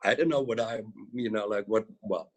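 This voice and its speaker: A man's voice: fairly low pitch, normal speed. A man from the Netherlands with a Dutch accent, a guest instructor in a casual video call interview, talking in a chatty, hesitant way. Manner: chatty, hesitant, with lots of "you know, like" fillers.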